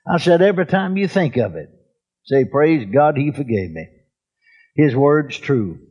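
A man preaching a sermon, telling folksy anecdotes in a drawn-out way. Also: on the high side, very animated, darkish tone, husky, muffled recording. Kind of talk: sermon storytelling.

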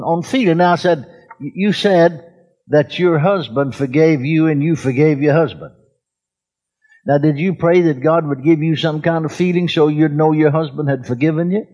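Husky folksy preacher man. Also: a little high, darkish tone. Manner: folksy, drawn-out anecdotal preaching. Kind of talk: sermon storytelling.

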